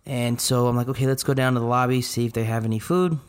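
A man in his thirties, co-hosting a podcast, telling a family story in a relaxed, matter-of-fact way with dry asides. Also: medium pitch, quick pace, clear, resonant tone. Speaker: podcast co-host. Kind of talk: casual storytelling.

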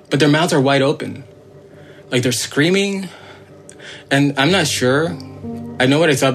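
A man's voice: mid-range voice, gravelly. Man rambling through a strange tale. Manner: rambling, full of fillers and restarts; earnest, insistent. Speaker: guest telling his own encounter story. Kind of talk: casual spoken storytelling.

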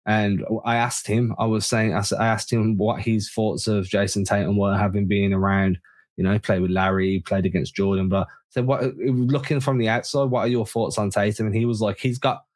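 A man co-hosting a casual sports podcast, talking in an animated, opinionated way with frequent restarts. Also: on the low side. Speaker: podcast co-host.

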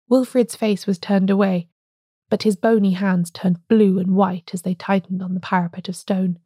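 A woman podcast host reading a story in measured, scripted narration. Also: medium pitch, level tone, mellow, dry recording, clean studio sound.

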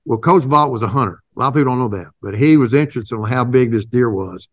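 An older man, a company founder, telling a folksy, halting story in an interview, with many restarts. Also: medium pitch, no room sound, studio quality.

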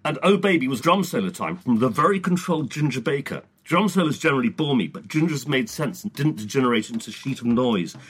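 A man's voice: mid-range voice, animated, fast, few pauses, breathy edge. A man with a British accent hosting a podcast, reading old press clippings aloud in a casual, rambling way with stammered restarts. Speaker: podcast host.

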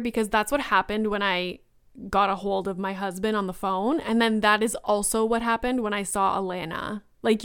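A woman podcast host tells a story in a loose, chatty monologue, dropping "like" constantly and acting out what people said. Her voice is smooth and clear, sitting at an ordinary middle pitch for a woman. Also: fairly bright tone, dry recording, studio quality. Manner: chatty, many "like"s, acts out quoted lines.

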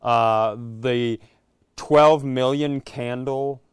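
Smooth-voiced man on a comedy podcast. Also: medium pitch, steady tone, drawn-out words, dry recording, studio quality. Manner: exasperated, self-mocking storytelling. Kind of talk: casual comedic chat.

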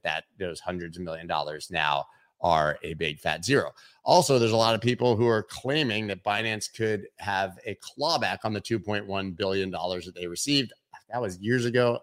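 A man's voice: deep voice, a bit bright. A man hosting a weekly crypto news review, talking casually and emphatically, often repeating words for stress.

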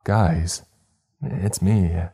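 A man voicing a creature that mimics a young woman, soft and sweet at first, then scornful and screaming. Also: extremely low pitch, sing-song, unhurried, husky, exaggerated voice. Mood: coaxing.

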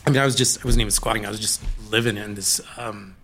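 A middle-aged man from Colorado recounts his past as a podcast guest. His voice is bright and forceful, his telling candid and halting, full of restarts as he works through the memories. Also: fairly low pitch, fairly even intonation, a little hiss or hum. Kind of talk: personal recovery story in an interview.

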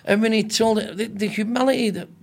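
A man's voice: high voice, fast, faint music behind. Older Scottish man telling stories. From Scotland. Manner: animated storyteller with stammered restarts. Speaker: comedian guest. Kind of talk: casual storytelling chat.

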